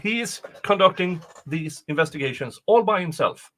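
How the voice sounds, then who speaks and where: A man's voice: high-pitched, expressive, normal speed, a bit bright. A man with a Swedish accent giving casual, sarcastic commentary, exasperated and full of restarts. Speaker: YouTube commentator.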